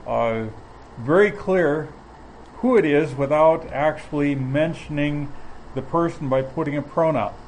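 A man teaching from the Bible in a measured, explanatory way, often pausing mid-phrase. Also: fairly high pitch, slight background noise, rough recording. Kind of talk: sermon.

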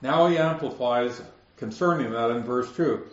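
A man teaching the Bible verse by verse, explaining the text and slowing down to stress key words. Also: mid-range voice. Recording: roomy, slightly dull recording.

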